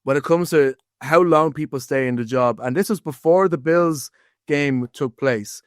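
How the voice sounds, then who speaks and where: Irish man, podcast host, animated casual sports talk, slightly high voice, dry. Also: normal speed, dry recording.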